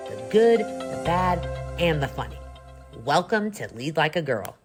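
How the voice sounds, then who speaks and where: A woman's voice: low-pitched, very animated, unhurried, music in the background. A woman host reading an upbeat scripted podcast intro. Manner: upbeat and teasing. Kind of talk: scripted intro and casual chat.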